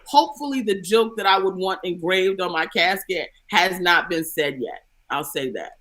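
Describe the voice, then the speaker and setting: A woman comedian talking as a podcast guest. Her voice is bright and forceful, and she tells stories loudly and theatrically. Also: fairly low pitch, lively intonation, normal speed, low-quality recording. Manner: loud, theatrical storyteller. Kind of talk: casual comedic chat.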